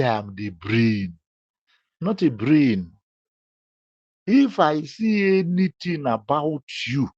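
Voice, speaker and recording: A man's voice: mid-range voice, no room sound, dull audio. A man scolding a critic in a direct-address rebuttal, emphatic and full of repeated rhetorical questions. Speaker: public figure addressing a critic.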